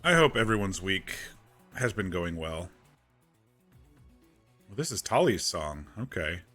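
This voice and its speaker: Bright-voiced man streaming casually. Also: deep voice, sing-song, measured pace, soft background music. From United States. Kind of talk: casual live-stream chat. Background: game soundtrack playing faintly.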